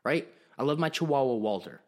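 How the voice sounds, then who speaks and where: A man's voice: mid-range voice, lively intonation, a little fast. Brash, foul-mouthed young man ranting. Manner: calls the guest dude and bro. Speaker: podcast host. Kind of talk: casual podcast chat.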